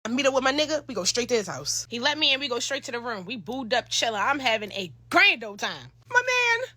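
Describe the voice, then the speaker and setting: Brief: young adult woman, animated casual storyteller, husky and a little high. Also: fairly quick, no room sound. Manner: animated, profane and slangy, acts out the scenes.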